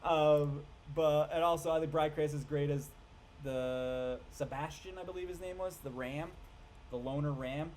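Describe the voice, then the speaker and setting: A man chats through a movie review in a loose, rambling way, stumbling over restarts and dropping the odd swear word. His voice sits a little on the high side. A faint hiss runs under the recording. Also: a little slow, a little mellow. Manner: rambling, heavy on fillers and restarts, swears casually. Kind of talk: casual spoken review.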